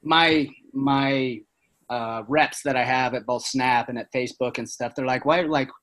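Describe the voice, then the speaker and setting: A man's voice: mid-range voice, little pitch movement, a bit bright. A man talking as a business-owner guest in a casual podcast chat, rambling through stories with plenty of fillers and tag questions. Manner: rambling, fast, full of fillers and "right?".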